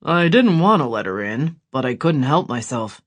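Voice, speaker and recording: A man voicing Gideon, an earnest ex-soldier older brother, in a quiet, measured audiobook reading. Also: medium pitch, very animated. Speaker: audiobook character voice.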